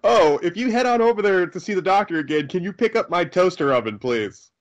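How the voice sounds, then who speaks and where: A man's voice: high voice, lively intonation, brisk, voice pushed up. A man hamming up a goofy small-town drawl. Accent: mock Southern US. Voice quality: exaggerated, sing-song drawl.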